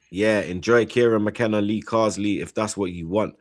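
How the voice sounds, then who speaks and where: A man with a fairly low voice talks football in a slangy, rambling way, peppering every line with shout-outs and "you get me". The sound is close and dry. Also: fairly even intonation, moderate pace, no echo. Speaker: football stream co-host. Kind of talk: casual chat, reading out super chats.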